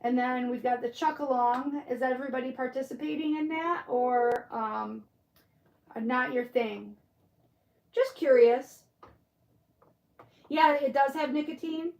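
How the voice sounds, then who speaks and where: On her craft livestream, a Michigan-accented, middle-aged woman from Michigan reads the chat, responds to viewer comments and thinks out loud in a chatty, casual way. She speaks in a high, slightly mellow voice at a measured pace, pausing often, and the room sounds roomy.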